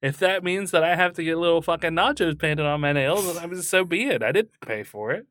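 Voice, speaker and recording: A man's voice: fairly high pitch, a little fast, fairly bright tone, dry recording, studio quality. A man co-hosting a podcast in casual chat, laid-back, laughing often and swearing casually. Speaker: podcast co-host. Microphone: studio mic.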